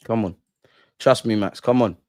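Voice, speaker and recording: A man's voice: on the low side, normal speed, a little mellow. A man reacting live to a football match, emotional and slangy. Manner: emotional, talks at players and referee on screen; casual slangy speech with swearing. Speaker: football watch-along host.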